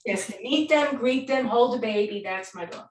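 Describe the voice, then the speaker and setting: A woman's voice: a little high, moderate pace, reverberant, recorded from a distance, a little hiss or hum. A woman hosting a podcast, chatting playfully and laughing along with her guest. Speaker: podcast host. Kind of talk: casual chat.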